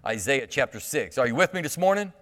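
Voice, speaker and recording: A man's voice: medium pitch, sing-song, a little fast, a bit bright. Pastor guy preaching at church, talks it through with questions, voice rings out in a big hall. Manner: conversational preaching with rhetorical questions and restarts. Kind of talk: sermon.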